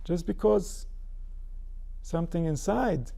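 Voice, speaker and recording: A man's voice: high voice, slow pace, vocal fry, warm tone. A man giving a spiritual Torah lecture, posing rhetorical questions and answering them himself. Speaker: spiritual teacher.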